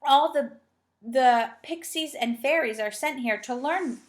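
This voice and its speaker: A woman's voice: high voice, takes it slowly, voice pushed up. A woman voicing a fretful, cautious magical man in a storybook reading. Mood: alarmed. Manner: worried, cautious.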